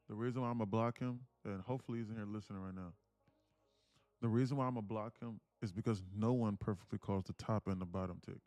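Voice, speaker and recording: A man's voice: lowish voice, vocal fry, darkish tone, dry recording. A young man hosting a live day trading stream, talking passionately and emphatically, swearing freely. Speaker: day trading livestream host.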